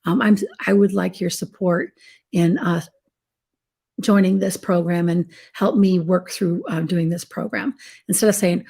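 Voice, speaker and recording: A woman's voice: on the low side, a little slow, creaky, mellow, breathy edge. A woman coach giving an informal presentation, talking in a hesitant way with many fillers and restarts. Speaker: business and life coach.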